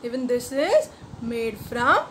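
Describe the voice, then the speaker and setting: Slow sing-song Indian English teacher. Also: female voice, on the high side, sing-song, background noise. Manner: slow, sing-song, coaxing questions to children. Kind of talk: children's rhyme lesson.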